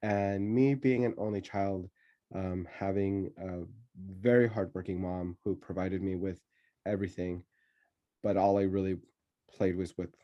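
A man telling a childhood story in casual conversation, laughing often and pausing with many fillers. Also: low-pitched, fairly even intonation, highs cut off.

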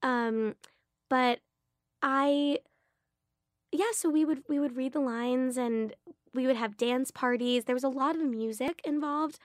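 A chatty young woman talks about her work in a loose, gushing way, her voice sitting a little high. The sound is close and dry, with no room around it. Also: unhurried, no echo. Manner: chatty, gushing, many fillers and likes. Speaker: actress guest. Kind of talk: casual interview chat.

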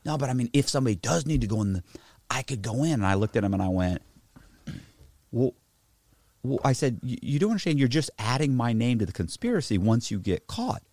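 A man telling a story in casual chat, profane and animated, acting out both sides of a conversation. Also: mid-range voice, a little fast, dry recording. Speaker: podcast host telling a story.

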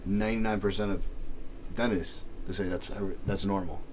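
A male dentist in his office, explaining findings in a quick, animated way and often checking in with "right?". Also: sits low, slight background noise. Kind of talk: conversational explanation. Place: dental office.

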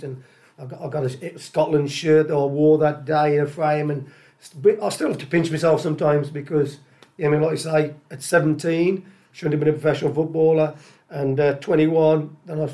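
An older man, a former footballer telling casual, animated stories as a podcast guest, repeating phrases often. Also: fairly high pitch. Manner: animated, repeats phrases, lots of uh and you know what I mean. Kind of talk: casual anecdotal storytelling.

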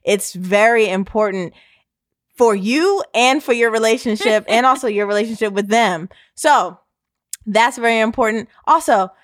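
Woman, podcast co-host, casual advice, playful, fairly high voice, dry close recording. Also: normal speed, no room sound. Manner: playful, gives advice in numbered tips, addresses listener as sis. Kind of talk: casual chat.

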